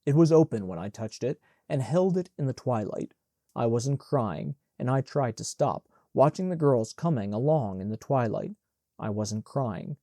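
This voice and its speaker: Dark-toned male audiobook narrator. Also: medium pitch, expressive, normal speed, dry recording, clean studio sound.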